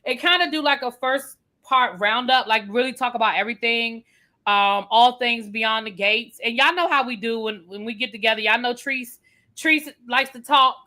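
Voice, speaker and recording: Bright emphatic woman chatting casually. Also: on the high side, moderate pace. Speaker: co-host of a soap opera recap show. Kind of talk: casual livestream chat.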